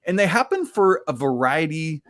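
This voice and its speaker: A man's voice: fairly high pitch, sing-song, moderate pace, a bit bright. A man co-hosting a casual sports podcast, chatty and self-deprecating, laughing often. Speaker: podcast co-host.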